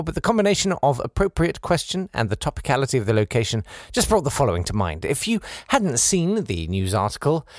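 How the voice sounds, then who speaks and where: A man hosts a casual podcast, working through listener tweets and emails. His delivery is lively and swoops up and down, full of dry, sarcastic asides. The sound is close and dry, with no room around it. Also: mid-range voice, dry recording. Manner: wry, sarcastic asides with mock exasperation. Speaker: podcast host. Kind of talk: casual chat reading listener messages.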